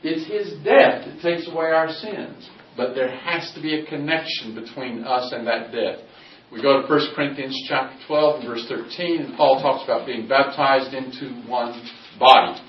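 A man preaching a sermon, emphatic, slowing down to quote scripture and swinging between loud and soft. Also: mid-range voice, slight background noise. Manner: emphatic, varies volume widely, slows on scripture quotes. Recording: roomy, distant, dull recording.

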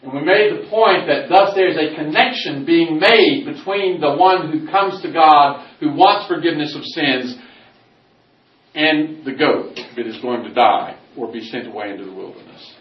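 Man preaching in a roomy hall. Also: fairly high pitch. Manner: emphatic, varies volume widely, slows on scripture quotes. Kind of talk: sermon. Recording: roomy, distant, dull recording.

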